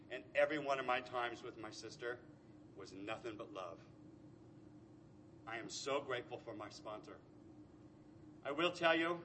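A man's voice: mid-range voice, fairly bright tone, a little hiss or hum. A middle-aged man giving an earnest, emotional personal recovery share. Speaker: speaker at a recovery meeting.

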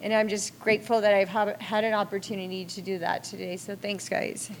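A woman's voice: medium pitch, little pitch movement, fairly quick, heavy background noise. A middle-aged woman giving a candid personal share at a recovery meeting, swearing often and leaning on fillers like "you know". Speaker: meeting speaker.

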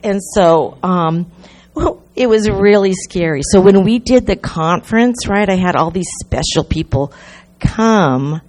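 A woman's voice: sits low, mellow. An older woman speaking at a recovery gathering, telling her story in a rambling, chatty way with many restarts. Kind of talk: personal storytelling talk.

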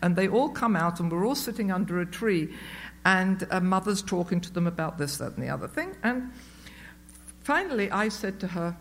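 Low-voiced woman telling a personal story. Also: animated, moderate pace, slight background noise. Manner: conversational and self-mocking, with many fillers and restarts. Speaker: speaker sharing at a recovery meeting. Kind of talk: personal storytelling to a live group. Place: meeting room with a live audience.

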